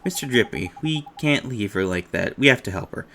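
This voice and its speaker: Player voicing a gentle boy hero, lower and softer than their own voice, sincere and a little unsure. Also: lively intonation, fairly quick, slight background noise. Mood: earnest. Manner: soft, earnest, hesitant.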